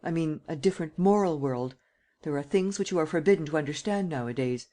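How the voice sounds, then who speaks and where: A man's voice: fairly high pitch, a little fast, mellow, lightly acted. A male narrator voicing an anxious old woman who pleads and frets over her granddaughter. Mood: pleading. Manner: tearful, imploring.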